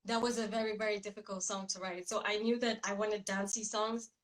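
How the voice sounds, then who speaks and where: A woman rapper being interviewed over a video call, upbeat and chatty, quick to laugh, in her groggy morning voice. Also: mid-range voice, flat delivery, low-quality recording. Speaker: rapper guest.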